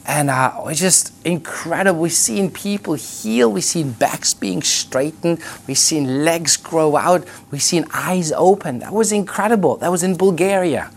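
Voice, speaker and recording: A man teaching a ministry school class, telling lively outreach stories and acting out the voices of the people in them, with frequent restarts. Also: fairly high pitch, a little slow, creaky, few pauses, a little hiss or hum. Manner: animated storyteller, acts out quoted voices, frequent restarts.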